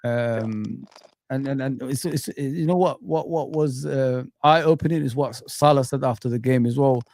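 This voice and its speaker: A man's voice: mid-range voice, unhurried, vocal fry, a little mellow. A man hosting a casual football chat, rambling with many restarts and fillers. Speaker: podcast host.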